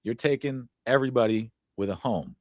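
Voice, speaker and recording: A man's voice: medium pitch, brisk, dry recording, clean studio sound. A man co-hosting a casual podcast chat, blunt and profane, laughing often between points. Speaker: podcast co-host.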